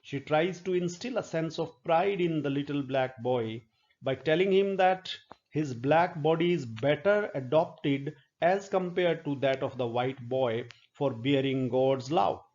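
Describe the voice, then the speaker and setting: Slow, deliberate male literature lecturer. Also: a little high, darkish tone. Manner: slow, deliberate explaining with fillers. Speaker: professor. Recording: dull lo-fi recording.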